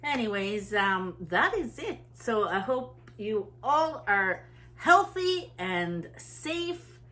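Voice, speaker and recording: A woman's voice: mid-range voice, sing-song, takes it slowly, bright, forceful tone. A middle-aged woman from Canada, a vlogger chatting casually at home as she unpacks groceries and thinks aloud. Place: home kitchen.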